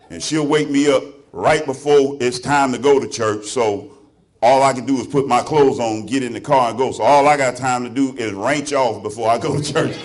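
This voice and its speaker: A man's voice: mid-range voice, moderate pace. A man with a Southern US accent doing a stand-up comedy set, loosely teasing the crowd and laughing along as he talks. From Alabama. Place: club stage before a live audience.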